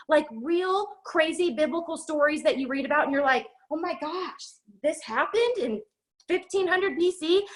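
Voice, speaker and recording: Speaking on a video call, a young network marketing team leader gives a rapid, preachy pep talk that comes out emphatic and breathless. Her pitch is high and her tone fairly bright.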